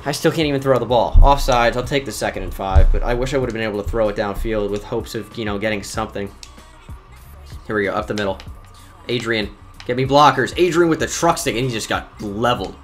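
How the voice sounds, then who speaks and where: Excitable young man narrating his football game. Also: on the low side, a little fast, soft background music. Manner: excitable, swings from loud outbursts to muttered self-criticism. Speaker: gaming YouTuber. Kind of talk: live gameplay commentary.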